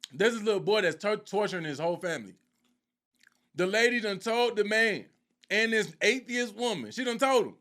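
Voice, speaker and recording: Animated man retelling a show. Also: high-pitched. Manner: lively storytelling with quoted voices. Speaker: faith teacher. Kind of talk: animated live teaching.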